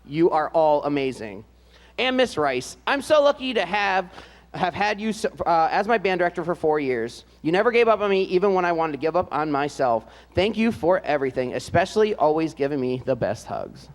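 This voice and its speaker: A man announcing at a ceremony and reading aloud, in a relaxed, joking way with frequent hesitant "uh" fillers. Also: on the high side, brisk, big-room sound. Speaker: announcer introducing band seniors.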